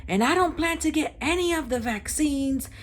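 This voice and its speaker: A woman voicing a loud, ranting man who yells at the top of his lungs in a bakery. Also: sits high, expressive, normal speed, pitched above the performer's own voice. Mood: yelling defiant.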